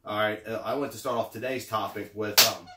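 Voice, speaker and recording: A man speaks in a low voice, slightly winded, in an encouraging, repetitive pep-talk manner. He sits back from the mic, and the room makes his voice sound echoey. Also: steady tone, a little fast, recorded from a distance, heavy background noise. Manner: encouraging, repeats phrases, frequent okay and right. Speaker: motivational vlogger. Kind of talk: casual motivational pep talk. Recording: roomy sound, away from the mic.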